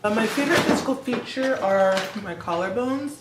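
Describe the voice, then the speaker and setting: A beauty vlogger in her twenties, born in the Democratic Republic of Congo and raised in Canada, chats casually and laughs often while doing her makeup. Her voice is on the high side, expressive, and a little fast. The recording is reverberant and very noisy.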